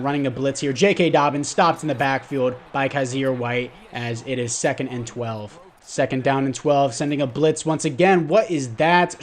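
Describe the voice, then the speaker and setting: A young man giving casual commentary over his football video game, narrating the plays and blaming himself for his mistakes. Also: mid-range voice. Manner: frustrated outbursts at mistakes, self-blaming. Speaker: gaming YouTuber.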